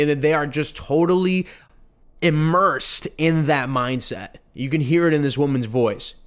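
A man's voice: on the high side, measured pace. A man hosting a podcast and giving opinionated commentary, often mocking and sarcastic, repeating phrases for effect. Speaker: podcast host.

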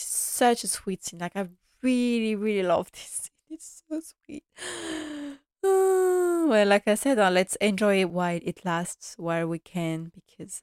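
A woman's voice: mid-range voice, darkish tone, no room sound, clean studio sound. Chatty, laughing woman reviewer. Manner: enthusiastic, chatty, laughing often; acts out characters' lines. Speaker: TV episode reviewer. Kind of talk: casual recap vlog.

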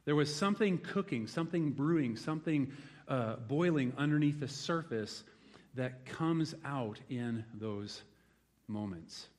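Animated storytelling preacher man. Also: medium pitch, unhurried. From rural United States. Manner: animated storytelling, swings from loud exclaims to hushed reflection. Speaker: pastor. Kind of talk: sermon. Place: church hall before a congregation.

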